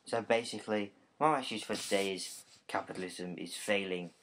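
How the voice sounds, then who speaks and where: A man's voice: lowish voice, moderate pace, fairly bright tone. A man hosting a comedy podcast alone, rambling and joking in a casual monologue. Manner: rambling, jokey, puts on silly accents. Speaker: podcast host.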